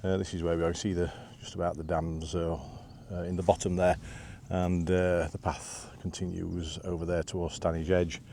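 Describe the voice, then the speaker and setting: A man's voice: low voice, level tone, moderate pace, few pauses, dark tone, a little hiss or hum. A man, chatting casually as he walks and films outdoors on a breezy hillside, rambling with lots of "uh" fillers. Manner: chatty and rambling, many "uh" fillers, self-deprecating. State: out of breath after climbing. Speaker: vlogger. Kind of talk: casual walking vlog narration. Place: outdoors on a windy hillside path.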